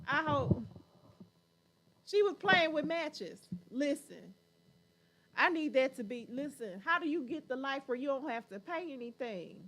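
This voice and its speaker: A woman with a high, bright voice that swoops up and down, hosting a casual livestream and reacting to viewer comments. She talks at an unhurried pace, and her delivery is playful and teasing, with frequent laughter. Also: lively intonation.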